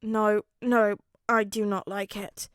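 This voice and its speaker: A woman voicing a shy, anxious teenage boy who speaks quietly and hesitantly. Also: mid-range voice, level tone, slow pace, no room sound, clean studio sound. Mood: uneasy.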